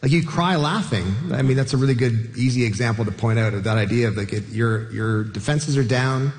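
A man's voice: medium pitch, a little fast. A man on a comedy panel who speaks reflectively and lets his sentences trail off. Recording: reverberant hall.

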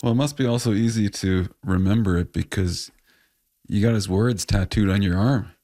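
A man's voice: lowish voice, normal speed, dark tone. A man interviewing a guest, asking questions in an easygoing, conversational way.

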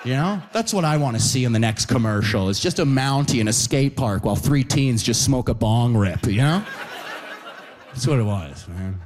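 A male stand-up comedian from Canada telling an animated story, tagging nearly every line with "right?" or "you know?". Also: medium pitch, normal speed.

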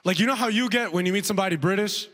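A man telling a stand-up comedy story, animated and chuckling at his own jokes. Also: racing. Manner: animated, swings from high to low for punchlines.

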